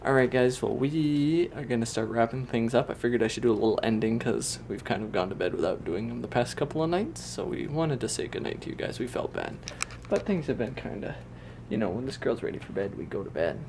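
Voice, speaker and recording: A man's voice: mid-range voice, expressive, a little fast, vocal fry, a little mellow, a little hiss or hum. A man hosting a family vlog at home, chatting easily with his wife and laughing often. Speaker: vlog host, new father. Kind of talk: casual home vlog chat.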